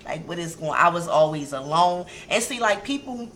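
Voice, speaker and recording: A woman's voice: lowish voice, animated, moderate pace, fairly bright tone, slight background noise. A woman with a Baltimore accent, co-hosting a casual radio talk show and repeating key phrases for emphasis.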